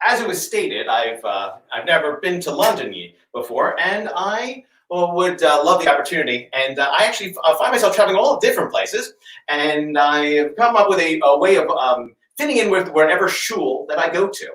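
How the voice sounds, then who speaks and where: A man doing comic magic show patter, chatty and halting with many fillers, over a video call. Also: on the high side, animated, fairly bright tone. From United States. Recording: roomy sound, distant from the mic.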